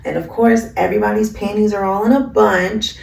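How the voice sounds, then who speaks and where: A woman's voice: mid-range voice, fairly even intonation, fairly quick, vocal fry, a little mellow. A woman casually recapping an anime episode in a slangy, rambling way, full of "like" fillers. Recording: roomy, from a distance.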